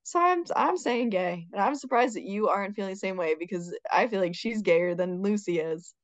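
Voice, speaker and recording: A woman's voice: mid-range voice, animated, fairly quick, no room sound. A woman co-hosting a podcast, chatting in a playful, opinionated way. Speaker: podcast co-host. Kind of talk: casual chat. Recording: dry, dull lo-fi mic.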